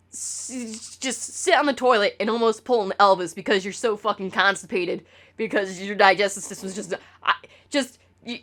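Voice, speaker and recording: A woman's voice: mid-range voice, a bit bright. A woman streamer talking casually to her chat, rambling and swearing with lots of stammered restarts.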